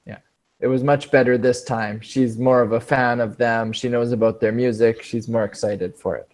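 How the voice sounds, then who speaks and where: A man's voice: medium pitch, steady tone, normal speed. A man teaching an English speaking class, explaining expressions patiently and rephrasing them several times.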